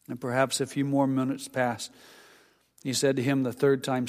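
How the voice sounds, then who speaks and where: A man preaching a sermon, telling the scripture story and acting out its voices, dropping to a hush for tender moments and building up for emphasis. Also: medium pitch, level tone, moderate pace. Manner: drops to a quiet hush for intimate lines, rises for emphasis. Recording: long hall reverb.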